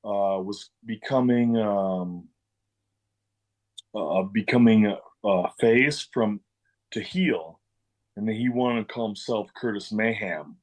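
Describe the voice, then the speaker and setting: A man's voice: fairly low pitch, slow pace, darkish tone, low-quality recording. A middle-aged man, a former pro wrestler, telling stories in a casual interview, swearing freely and acting out what people said. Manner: loose, swearing, acts out quoted dialogue.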